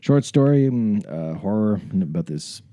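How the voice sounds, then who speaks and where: Low, dark-voiced Canadian man chatting. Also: lively intonation, unhurried, no echo. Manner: rambling, self-mocking, trails off quietly. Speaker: podcast host. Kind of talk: casual chat.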